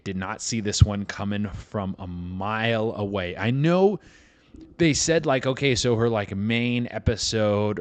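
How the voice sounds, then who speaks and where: A man's voice: on the low side, dry recording. A man hosting a comedy podcast, rambling through a profane, casual monologue full of restarts and fillers.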